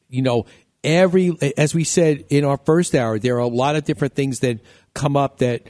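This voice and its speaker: A man's voice: medium pitch, a little mellow, dry recording. A man from New York hosting a home improvement radio show, joking and rambling in a casual way. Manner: joking, rambling, laughs often.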